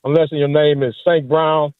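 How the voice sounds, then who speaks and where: A man's voice: a little high, level tone, moderate pace, no echo. Opinionated male caller on a tinny phone. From Michigan. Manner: eager, opinionated.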